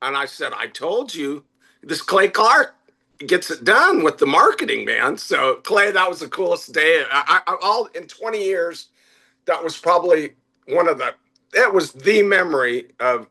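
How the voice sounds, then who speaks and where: A man who owns a restaurant, a guest on a talk show, telling excited anecdotes with restarts. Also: fairly high pitch, moderate pace. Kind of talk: casual interview chat.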